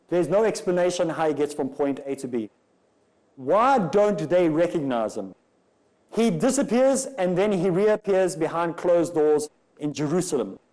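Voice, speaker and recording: Man lecturing, mellow voice. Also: high-pitched, rough recording. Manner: argumentative, rhetorical questions. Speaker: Islamic lecturer. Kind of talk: religious lecture.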